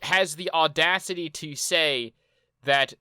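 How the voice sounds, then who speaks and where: Crisp bright-voiced man reacting casually. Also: on the high side, slow pace, no room sound. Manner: loose, profane, sarcastic asides. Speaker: video commentator.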